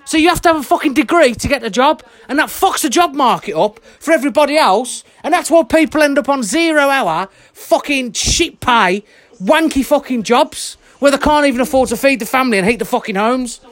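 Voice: sits high, animated, brisk, no echo. A vlogger delivering an angry monologue rant, blunt and heated, swearing constantly and sweating. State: worked up and sweating.

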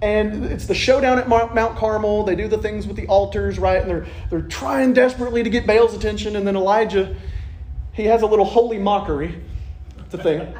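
Man with a high voice, preacher, chatty humorous sermon, echoey church room. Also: a little fast, darkish tone. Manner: conversational and joking, with wry asides. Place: church sanctuary.

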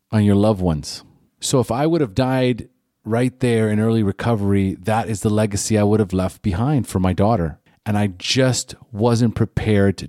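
A middle-aged man hosts a personal recovery podcast, his voice sitting low and dark in tone. He speaks with earnest, reflective care, slowing down to weigh his words. The recording is close and dry, with no room sound. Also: dry recording. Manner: earnest and reflective, slow deliberate phrasing. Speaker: podcast host.

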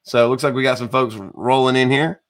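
A man, hosting a live online show in a chatty, rambling way with jokey shout-outs to viewers. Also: medium pitch, fairly even intonation, brisk. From American South. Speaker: host.

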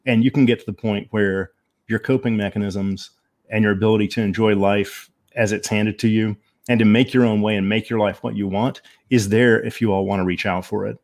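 A man talking as a podcast guest, telling his personal story in a candid, reflective, measured way with frequent pauses and ums. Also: fairly low pitch, fairly even intonation, darkish tone.

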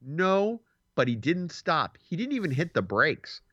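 A man's voice: a little high, unhurried, dry recording. A man in casual podcast chat, telling stories with lots of swearing and acting out what other people said. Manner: animated storyteller, acts out quoted people, swears casually. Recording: dull lo-fi dry sound.

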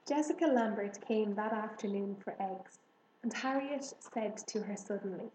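A woman reading a children's novel aloud in a slow, clear and gentle way. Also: mid-range voice, steady tone. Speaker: storybook reader. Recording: echoey room, faint noise.

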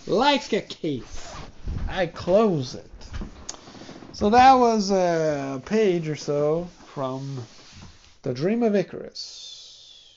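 A man's voice: sits high, animated, extremely slow, a little mellow, muffled recording, slight background noise. Stuffy-nosed man rambling on his podcast. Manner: wry, self-mocking, talks to listeners directly. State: stuffy, congested nose. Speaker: podcast host. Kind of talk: rambling solo podcast monologue.

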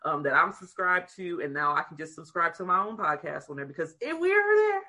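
A woman co-hosting a podcast in casual, profane chat, animated and laughing often. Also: low voice, a little fast, breathy edge. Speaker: podcast co-host.

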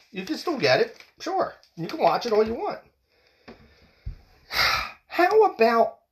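A man rants alone on his podcast, cursing freely and tripping over repeated words as he presses his points. His voice swings widely in pitch, leaping high for emphasis and dropping low again. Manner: profane, heated, repeats words and stumbles. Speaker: podcast host. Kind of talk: solo podcast rant.

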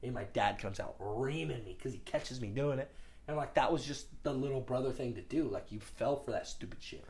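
A man in his thirties telling stories in a casual chat, animated, swearing freely and laughing as he talks. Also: medium pitch, brisk. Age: 30s.

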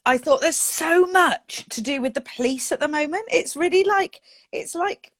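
A woman's voice: sits high, normal speed. A woman co-hosting a podcast in casual, rambling, self-mocking chat. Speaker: podcast co-host.

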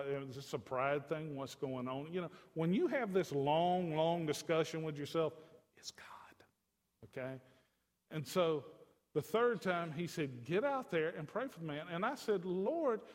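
Fervent preacher man in a reverberant church. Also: on the high side. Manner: storytelling preacher, swings from hushed to loud and fervent. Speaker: pastor. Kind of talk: sermon. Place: church sanctuary. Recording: long reverb of a church hall.

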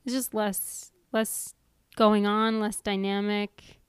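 A woman's voice: mid-range voice, level tone, slow, clean tone, dry recording, studio quality. A woman co-hosting a podcast, chatting casually and emotionally about a TV show and agreeing often. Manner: emotional, agreeable, lots of backchannel. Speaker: podcast co-host. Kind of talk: casual chat reviewing a TV show.

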